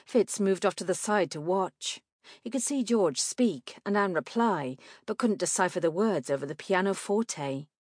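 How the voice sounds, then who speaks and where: A woman narrating an audiobook in a measured, clear way. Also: medium pitch, lively intonation, no echo, studio quality.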